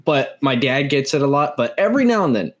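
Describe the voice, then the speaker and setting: A man's voice: mid-range voice, sing-song, brisk. Rambling young man in casual chat. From Texas. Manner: rambling, self-correcting. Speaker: podcast co-host.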